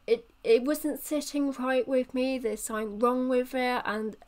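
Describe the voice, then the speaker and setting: A woman's voice: high-pitched, fairly even intonation, unhurried. A woman telling a rambling, playful story in a casual voiceover for her channel. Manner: rambling, playful, self-correcting. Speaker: channel creator.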